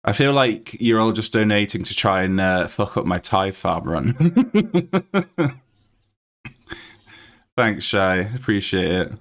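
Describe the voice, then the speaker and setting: Excitable, swearing British streamer man. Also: on the low side, slow, long pauses. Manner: excitable, swears freely, laughs often. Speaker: game streamer. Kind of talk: live-stream chat while gaming.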